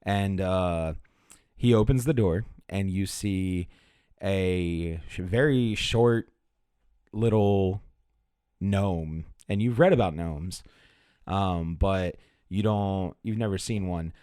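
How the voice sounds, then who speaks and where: A man narrating a tabletop game as game master, pausing often with fillers and restarts. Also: low voice, warm tone, clean tone, no room sound, studio quality. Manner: hesitant, many fillers and restarts.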